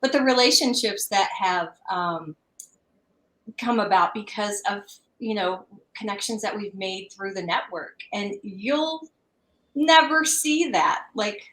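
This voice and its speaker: A woman's voice: medium pitch, slow, a bit bright, roomy sound, poor audio. A woman guest in a casual interview on a video call, speaking in a heartfelt, reflective way.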